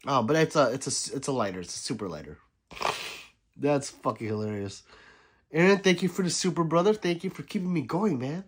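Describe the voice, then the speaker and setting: A man's voice: fairly high pitch, moderate pace, husky. A middle-aged man who is sick, hosting a casual livestream and reading viewer comments aloud with laughs and sarcastic asides. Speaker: livestream host reading chat.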